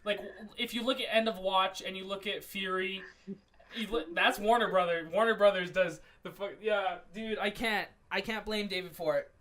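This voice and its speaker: A man's voice: sits high, fairly even intonation, moderate pace, fairly bright tone. A man steering a casual movie podcast, swearing freely and laughing often.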